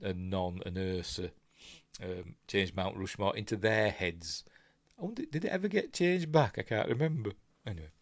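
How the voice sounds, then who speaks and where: A man's voice: fairly low pitch, no room sound. A man with a Yorkshire accent rambling casually through a film breakdown, often trailing off and mumbling asides. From England. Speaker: film reviewer.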